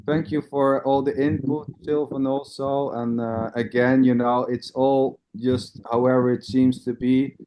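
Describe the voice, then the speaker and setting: A man's voice: medium pitch, flat delivery, a little slow, hardly any pauses, mellow, rough recording. A man hosting an online group meeting, talking casually and hesitantly with repeated phrases over a video call. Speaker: host of an online nonduality meeting.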